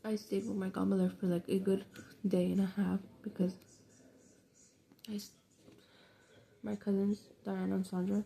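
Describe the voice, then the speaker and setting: A woman's voice: mid-range voice, level tone, normal speed, vocal fry, long pauses, dark tone. A young woman telling a rambling, slangy, profane story in a casual vlog. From New York City. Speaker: vlogger.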